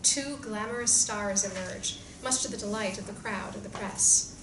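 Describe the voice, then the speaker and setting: A woman reading stage directions aloud in a screenplay reading, in a clear, measured way. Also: mid-range voice. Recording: roomy distant sound with background noise.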